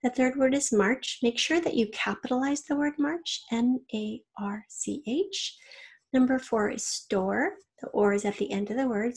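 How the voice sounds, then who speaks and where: A woman teaching and dictating a children's spelling test, reading each word slowly in an example sentence and giving spelling hints. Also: a little high, animated, breathy edge.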